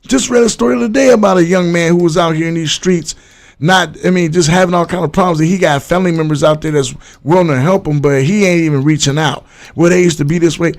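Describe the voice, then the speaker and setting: Man doing a live podcast stream, bit higher voice, chatty, talking to his viewers. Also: fast talker. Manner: loose, chatty, talks straight to viewers. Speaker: livestream podcast host. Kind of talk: casual live-stream chat.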